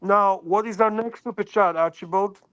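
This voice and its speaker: A man's voice: sits high, steady tone, normal speed, fairly bright tone, no echo. Male co-host reading viewer donations. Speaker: livestream co-host. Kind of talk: casual livestream chat.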